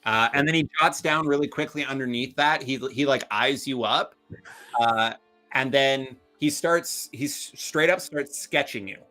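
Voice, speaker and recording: A man's voice: mid-range voice, measured pace, bright, forceful tone, faint music behind, poor audio. A man narrating a tabletop game as game master, casual and full of fillers and swearing.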